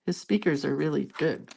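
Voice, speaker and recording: Older lady with a lowish voice, rambling on about her day while coloring, kinda murmury. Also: creaky, breathy edge. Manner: rambling, chatty storytelling; soft, murmured asides. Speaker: art vlogger. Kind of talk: casual chat while coloring.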